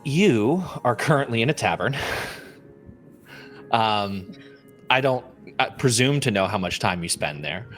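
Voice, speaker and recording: A man's voice: fairly low pitch, animated, measured pace, long pauses, fairly bright tone, soft background music. A man narrating as game master, loose and laughing, with many fillers.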